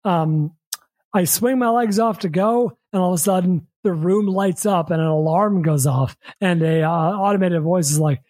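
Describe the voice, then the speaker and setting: An American man, a podcast host, telling a long story in casual chat, rambling and repeating words, acting out quick quotes. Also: high voice, darkish tone, no room sound.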